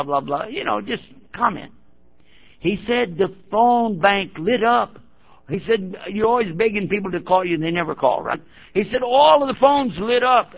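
A man preaching to a gathering, telling a story and acting out the quotes of the people in it. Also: high-pitched. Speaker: Islamic preacher. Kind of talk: sermon-style storytelling. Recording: dull lo-fi recording.

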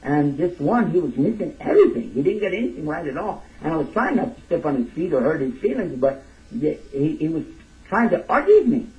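A man's voice: very animated, brisk. Emphatic man preaching from afar, lo-fi. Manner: emphatic, casual, with sudden high bursts. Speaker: Islamic teacher. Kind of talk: lecture sermon. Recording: distant dull lo-fi recording.

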